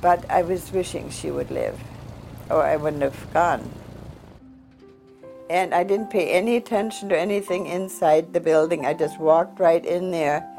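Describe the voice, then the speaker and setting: An older woman speaks in a fairly low voice, recounting long-ago events with heartfelt earnestness. She often breaks off and restarts mid-sentence as memories surface. Faint music plays quietly behind her. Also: lively intonation, unhurried. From Germany. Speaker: survivor giving testimony. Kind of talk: personal storytelling.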